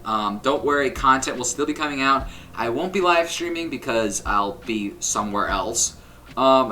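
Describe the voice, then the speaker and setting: A man's voice: mid-range voice, pushed and bright, slight background noise. A young man casually commenting on his old game builds in a rambling, self-critical way, full of ums and likes. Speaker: Minecraft builder and YouTuber.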